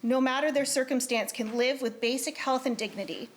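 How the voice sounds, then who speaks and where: A woman's voice: high-pitched, brisk. A woman presenting a committee report in a legislature, reading in a formal, earnest way. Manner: earnest, grows emotional. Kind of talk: formal legislative speech, read aloud. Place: legislative chamber.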